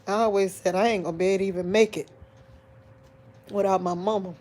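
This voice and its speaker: A woman talks straight to her online viewers, grieving and on the edge of tears. Her speech is rambling and halting, full of restarts and heavy sighs, and her voice keeps breaking as she cries. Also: mid-range voice, fairly even intonation, a little mellow. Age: adult. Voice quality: emotional, sighing, voice breaking into crying. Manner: rambling, halting restarts, addresses audience as y'all. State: grieving, crying. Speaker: vlogger talking to online viewers. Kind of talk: tearful live-stream monologue.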